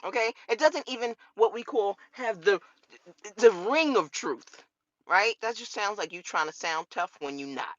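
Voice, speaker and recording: A woman's voice: mid-range voice, expressive, normal speed, no room sound, lo-fi sound. A woman vlogger, ranting straight to camera on her law channel with profanity and rhetorical questions. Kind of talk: casual straight-to-camera rant.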